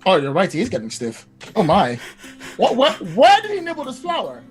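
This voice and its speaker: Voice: medium pitch, huge pitch swings, a little fast, soft background music. A player voicing a harried older brother who runs a shop and talks in a fussy, exasperated way. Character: harried older brother, busy innkeeper-alchemist.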